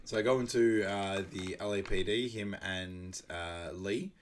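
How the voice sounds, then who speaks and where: A young man with a fairly low voice chats through a film recap for a podcast. He laughs often and bursts into loud quoted lines. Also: a little slow, background noise. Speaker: podcast co-host. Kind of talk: casual movie recap chat.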